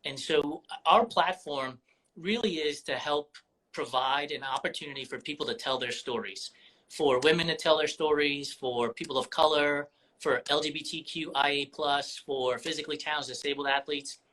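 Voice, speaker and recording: Bright-voiced, passionate podcast host. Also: mid-range voice, moderate pace, low-quality recording. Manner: animated and passionate when excited. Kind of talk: casual interview chat.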